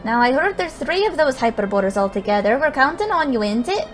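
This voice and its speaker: A woman voicing an excitable, complaining male forest fairy in a game, with a put-on Scottish accent. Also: sits high, a little fast. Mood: worked up.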